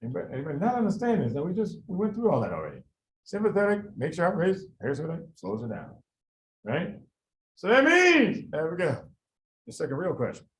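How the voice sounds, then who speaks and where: A man lecturing a room of medical students, firing questions at them and answering them himself. His voice sits a little high and swings widely, jumping up for emphasis and then dropping low and soft for an aside. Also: a little hiss or hum, poor audio. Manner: animated, quizzes students, quick asides with sudden quiet drops. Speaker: medical board review lecturer. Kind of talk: live classroom lecture.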